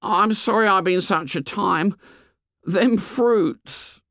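A man voicing a fretful plump schoolboy, high and pleading. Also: slow, fairly bright tone, no room sound, studio quality, exaggerated voice. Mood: apologetic. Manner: earnest, fretful, eager to please. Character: plump anxious fussy schoolboy, about twelve. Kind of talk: audiobook character voice.

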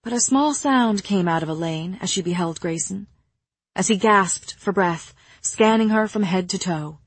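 A woman with a husky, medium-pitched voice narrates an audiobook in a measured, even storytelling manner. The recording is dry.

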